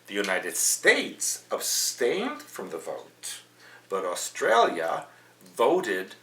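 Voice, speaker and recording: In a news commentary podcast, a middle-aged male host reads quotes aloud and adds his own opinionated remarks. He has a low voice with a sharp edge, and the mic sounds roomy and a bit distant, with a faint hum.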